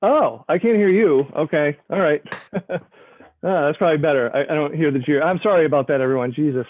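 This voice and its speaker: A man's voice: fairly high pitch, brisk, no room sound. A man reading a memoir-style opening from his novel in progress, with self-deprecating asides and laughs between passages, over a video call. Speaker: author reading his work. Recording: tinny phone-like line, dry.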